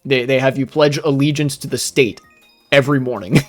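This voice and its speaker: A man's voice: medium pitch, fairly even intonation, a little fast, soft background music. A young man streaming live, telling a rambling, profane story with many fillers while he plays. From United States.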